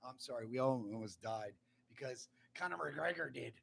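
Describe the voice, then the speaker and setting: A man co-hosting a casual cigar livestream, joking and quick to laugh. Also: medium pitch, gravelly, breathy edge. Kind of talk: casual chat.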